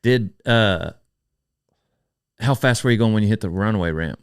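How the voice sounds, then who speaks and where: A man's voice: lowish voice, moderate pace, smooth, no room sound, studio quality. A man hosting a podcast, chiming in with short follow-up questions in casual chat. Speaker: podcast host.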